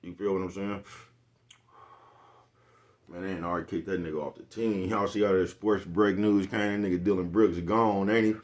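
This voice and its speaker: This young vlogger has a deep voice with a steady tone, speaking at normal speed and pausing often. His rambling casual monologue is full of laughter, heavy swearing, and crude slang, and he keeps asking "you know what I'm talking about".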